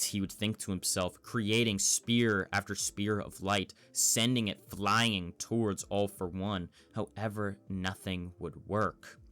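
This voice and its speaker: A man narrating a fan story in a measured storytelling manner. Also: lowish voice, a bit bright.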